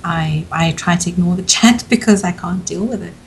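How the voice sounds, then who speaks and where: A woman's voice: lowish voice, moderate pace, a crowd in the background, rough recording. A woman co-hosting a podcast, chatting candidly and openly in a casual way. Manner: chatty, candid, frequent laughter.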